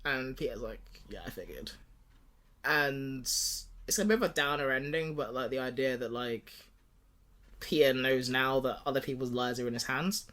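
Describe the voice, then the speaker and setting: A man co-hosting a film podcast, pitching a movie plot in casual chat. He acts out the characters' lines in quick voices and laughs often. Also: steady tone, pushed and bright. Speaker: podcast co-host.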